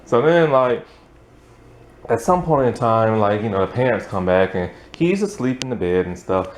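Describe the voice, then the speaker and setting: A man's voice: fairly low pitch, animated, moderate pace. A man casually recapping a film's plot as a reviewer, rambling with lots of "like" and "um" and frequent chuckles. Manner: rambling, full of "like" and "um", chuckles often. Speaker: film reviewer.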